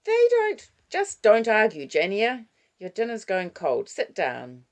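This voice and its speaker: A brisk, defensive grandmother whose voice swoops lively up and down, as a woman narrator puts her on. She has a low, gravelly tone in this storybook reading. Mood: firm. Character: self-absorbed reluctant grandmother, brisk and defensive.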